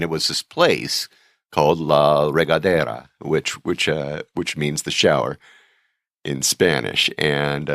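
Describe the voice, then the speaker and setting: A man with an extremely low, deep voice hosts a travel podcast in a loose, chatty way. He rambles from one aside to the next and reads listener mail aloud. The sound is dry and close, with no room around it. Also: a bit bright, no echo. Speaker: podcast host. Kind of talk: casual podcast monologue.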